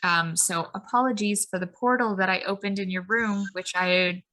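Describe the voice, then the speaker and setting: Rambling bright-voiced woman podcaster. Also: mid-range voice, steady tone, moderate pace. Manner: rambling, full of "like" and "um", tangents. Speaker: podcast co-host. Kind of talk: casual spiritual chat.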